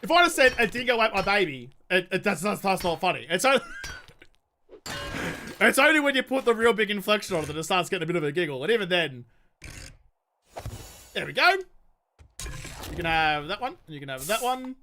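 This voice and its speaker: A man's voice: high-pitched, sing-song, brisk, long pauses, bright, forceful tone, slight background noise. A young man chatting casually while streaming a game, swearing freely and answering viewer questions. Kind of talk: casual live-stream chat while gaming.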